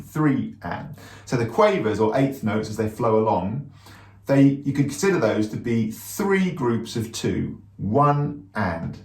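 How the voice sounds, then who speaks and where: Drum teacher counting beats aloud. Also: male voice, on the low side, roomy sound. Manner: chatty, counts rhythms aloud slowly. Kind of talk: casual music lesson to camera.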